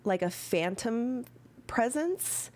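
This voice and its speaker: Lively woman running a tabletop game. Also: a little high. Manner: lively, breaks into laughs, quick asides. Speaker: dungeon master.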